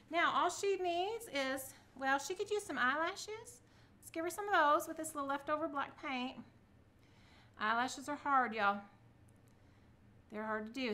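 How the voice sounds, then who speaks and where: A woman's voice: sits high, bright, forceful tone. A middle-aged woman, chatting through a casual craft tutorial and cheering herself on as she works. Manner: chatty, self-encouraging, talks to viewers. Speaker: craft vlogger.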